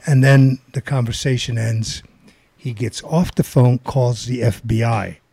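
An older man telling a long anecdote casually, rambling and animated, acting out the people he quotes. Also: medium pitch, measured pace, creaky, husky, no room sound. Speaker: guest storyteller.

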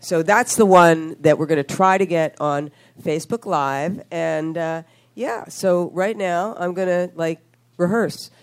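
A woman's voice: fairly low pitch, a little slow, smooth. Woman, radio host, sex therapist, bubbly, teasing, casual chat.

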